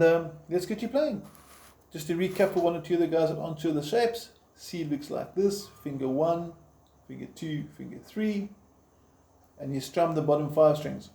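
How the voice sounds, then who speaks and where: A man's voice: fairly high pitch, mellow. Man teaching guitar in a roomy space. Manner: counts beats aloud while playing; encouraging, informal. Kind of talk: step-by-step instruction. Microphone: camera framing the guitar. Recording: roomy echo with guitar playing.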